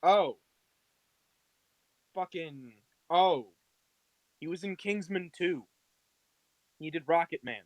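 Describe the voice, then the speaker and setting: A man's voice: a little high, takes it slowly, long pauses, no echo. A young man co-hosting a podcast in casual chat, playful and jokey, humming bits of tunes. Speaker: podcast co-host.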